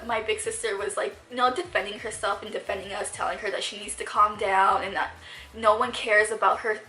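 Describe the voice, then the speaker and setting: A woman's voice: a little high, pushed and bright, echoey room. A young woman vlogger telling a story in a chatty, exasperated way while doing her makeup. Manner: chatty, exasperated, heavy use of fillers. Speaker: beauty vlogger.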